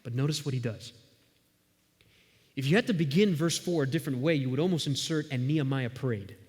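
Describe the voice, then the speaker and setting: A man's voice: a little high, fairly quick, darkish tone. A male pastor delivering a sermon in a conversational, storytelling manner, in a church sanctuary. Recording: long reverb of a large hall.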